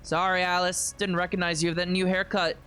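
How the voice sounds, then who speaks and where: A streamer voicing a calm, sly man with a pistol, speaking low and measured in a visual novel read-aloud. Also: faint music behind.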